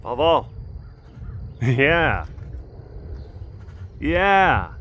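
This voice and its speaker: A man's voice: mid-range voice, lively intonation, moderate pace, pauses often. A man hosting a casual walk-and-talk vlog at an outdoor animal compound, rambling and laid-back, cooing at the big cats. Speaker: vlog host at a big cat rescue.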